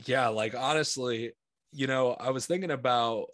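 A man's voice: mid-range voice, moderate pace, a bit bright, no echo, studio quality. A man with an American accent co-hosting a podcast, talking in a loose, rambling way, laughing often and acting out his own reactions. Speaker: podcast co-host. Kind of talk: casual chat.

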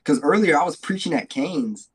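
A man's voice: a little high, lively intonation, normal speed, slightly rough. A man from New Mexico, a guest evangelist, telling his story in a loose, casual way with fillers. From Albuquerque, New Mexico, US.

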